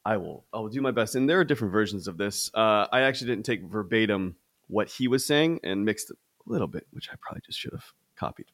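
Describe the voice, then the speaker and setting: A man's voice: on the low side, fast. Young adult man, casual podcast co-host, loose rambling delivery with frequent restarts. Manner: rambling, animated, many restarts. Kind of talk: casual film discussion.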